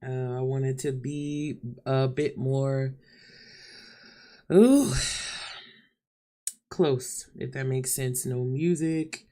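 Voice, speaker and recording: A woman's voice: extremely low pitch, extremely slow, pauses often, dark tone. A woman vlogging live to camera, chatting openly and casually with her viewers and calling them y'all and honey. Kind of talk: candid live-stream chat to viewers. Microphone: camera mic.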